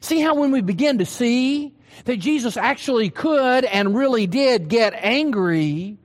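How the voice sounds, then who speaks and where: A man's voice: very high voice, animated, measured pace, long reverb tail. A man preaching a sermon, emphatic and full of questions to his listeners. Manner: emphatic, asks the hearers questions.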